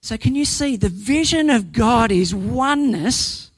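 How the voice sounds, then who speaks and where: A man's voice: extremely high pitch, expressive, a little slow, few pauses, slightly rough, no room sound. A man preaching a sermon, earnest and emphatic, building points through repetition and sometimes restarting a phrase.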